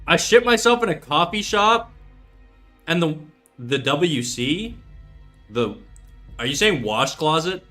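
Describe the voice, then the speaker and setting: Bright-voiced man in his thirties, casual streamer. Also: on the high side, big pitch swings, slow, pauses often, soft background music. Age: 30s. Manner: profane, laid-back, reads chat aloud. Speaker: art livestreamer. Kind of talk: casual livestream chat.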